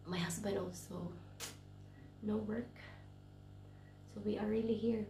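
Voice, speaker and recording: A woman's voice: medium pitch, steady tone, takes it slowly, pauses often, mellow, echoey room, a little hiss or hum. A woman vlogging from a bedroom while sick with a cold, speaking tiredly and often dropping to a whisper. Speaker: vlogger, English teacher. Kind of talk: casual vlog chat. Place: bedroom at home, in self-quarantine.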